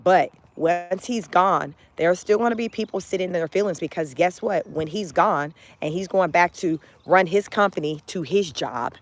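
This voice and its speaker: Give me an animated woman with a lowish voice, talking into a phone while she walks outside. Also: normal speed, few pauses. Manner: animated, emphatic, rhetorical questions. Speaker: vlogger. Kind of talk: casual walk-and-talk commentary. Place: outdoors, walking. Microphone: phone camera.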